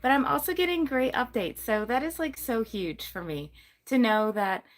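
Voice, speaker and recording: A woman's voice: on the high side, expressive, moderate pace. A woman hosting a casual livestream about her gecko breeding business, chatty and rambling, cooing over her geckos. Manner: rambling with many ums and likes.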